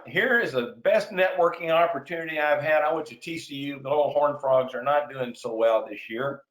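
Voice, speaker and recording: A man giving a sales webinar in an energetic, excitable way, getting wound up and then reining himself in. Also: a little high, reverberant, low-quality recording. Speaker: sales trainer hosting a webinar.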